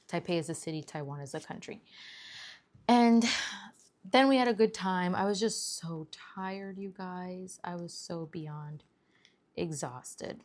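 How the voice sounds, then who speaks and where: A young woman with a slightly low voice chats to her viewers the way a casual vlogger does. She rambles through her story, leaning on lots of "um" and "like" as she goes. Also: unhurried, darkish tone. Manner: chatty, rambling, many fillers and "like". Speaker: planner vlogger.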